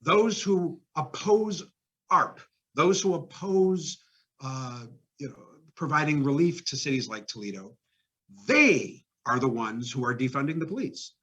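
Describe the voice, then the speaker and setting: Husky-voiced man in a lo-fi podcast interview. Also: fairly high pitch, lively intonation, unhurried, a bit bright. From Ohio. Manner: conversational, many fillers and restarts, emphatic rises. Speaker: mayor. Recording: dull lo-fi podcast audio.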